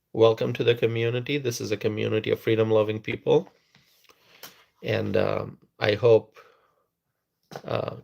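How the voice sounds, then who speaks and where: A man hosting a live stream, chatting with viewers and talking softly and slowly to rest his tired voice. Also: lowish voice, gravelly.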